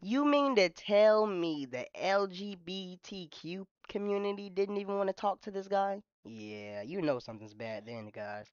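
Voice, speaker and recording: A woman streamer reacting live, addressing her chat in heavy slang and dropping her voice low for emphasis. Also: lively intonation, unhurried, few pauses, a little mellow, clear, resonant tone, no room sound, muffled recording.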